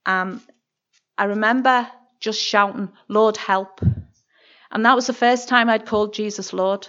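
A woman's voice: medium pitch, fairly bright tone, muffled recording. A woman with a Northern Irish accent giving an earnest, emotional personal testimony in church, often stopping and restarting her sentences.

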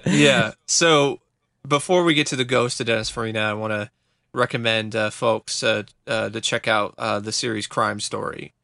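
A man co-hosting a podcast, chatting casually in a measured, hesitant way. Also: fairly low pitch, fairly even intonation, creaky, bright, forceful tone, no room sound. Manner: hesitant, lots of uh fillers, measured. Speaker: podcast co-host. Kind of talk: casual chat.

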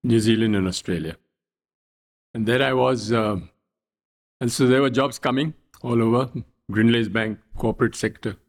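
An older man from India, a guest telling stories from his life in a wry, anecdotal way, often trailing off quietly. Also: mid-range voice, normal speed, pauses often. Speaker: interview guest. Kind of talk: storytelling in conversation.

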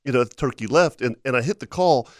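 A man's voice: mid-range voice, fast, dry recording, studio quality. A man, co-hosting a radio show and telling a funny hunting story through laughter and stumbles. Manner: animated, laughing, stumbles over words. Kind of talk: casual storytelling chat.

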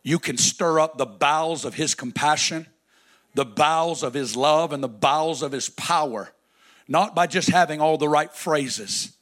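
A man preaching a sermon, dramatic, swinging between loud declarations and hushed, drawn-out lines. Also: a little high.

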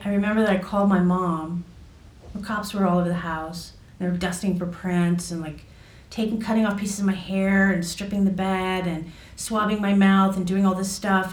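A woman telling a personal story in a halting way, full of fillers and restarts. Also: mid-range voice, fairly even intonation, far from the mic. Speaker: guest recounting a personal experience. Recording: echoey room, voice off mic.

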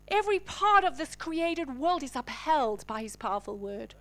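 Woman pastor, very high pitch, impassioned sermon delivery with sudden whispers. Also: lively intonation, moderate pace. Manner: dynamic preaching, swinging from loud declarations to hushed whispers.

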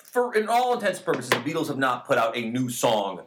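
Lively young man co-hosting a podcast. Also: brisk, slight background noise. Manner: animated, swings pitch widely when arguing. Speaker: podcast co-host. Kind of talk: casual chat.

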